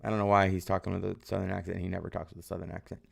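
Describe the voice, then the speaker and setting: Male teacher, low gravelly voice, casual live review lesson, keeps quizzing the class and praising answers. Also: monotone, racing. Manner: quizzes viewers and praises their answers from chat; loose, rambling, tag questions like "right?". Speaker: history teacher.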